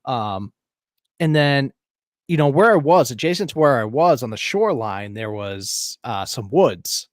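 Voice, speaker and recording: A man co-hosting a podcast, telling a story in casual chat, profane and animated, laughing often. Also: mid-range voice, a little slow, no room sound, clean studio sound. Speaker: podcast co-host. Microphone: podcast mic on a live stream.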